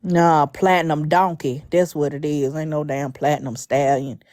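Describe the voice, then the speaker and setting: Blunt, trash-talking woman, low and dry. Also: fairly even intonation, moderate pace, a little mellow, dry recording. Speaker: live stream guest. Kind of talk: casual live-stream chat.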